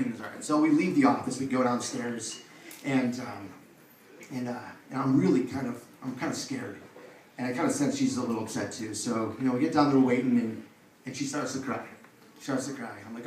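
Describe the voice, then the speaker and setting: A man's voice: medium pitch, fairly quick, a little mellow, distant mic, a little hiss or hum. A man telling a loose, swearing stand-up story on a comedy club stage, with the audience laughing behind him. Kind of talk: stand-up set. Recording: echoey club, mic heard from afar.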